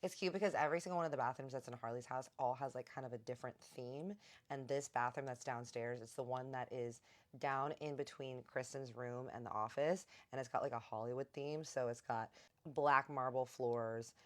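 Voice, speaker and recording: Young female storyteller, low-pitched, casual and animated. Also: a little fast. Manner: chatty, animated, quotes others in her own voice.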